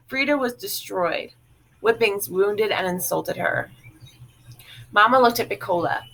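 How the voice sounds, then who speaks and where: A woman reading a literary novel aloud in a measured, even way. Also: mid-range voice, low-quality recording. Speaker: audiobook reader.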